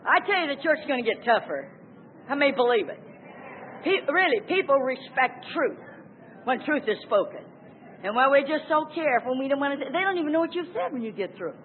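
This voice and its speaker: High-voiced woman preaching a fervent sermon. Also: expressive, brisk. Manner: emphatic, swings from loud exclamations to hushed asides. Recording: tinny phone-like sound with faint noise.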